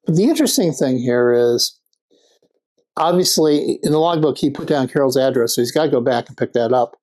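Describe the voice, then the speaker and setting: A woman's voice: rumbling low, brisk, a little mellow. A woman casually recapping and reviewing a TV episode, rambling and speculating, with fillers and restarts. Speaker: TV show reviewer.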